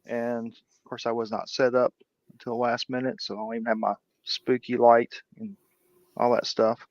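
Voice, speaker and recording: A man hosting a live stream in a relaxed, chatty way. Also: mid-range voice, moderate pace, no room sound, lo-fi sound. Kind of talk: casual live stream chat.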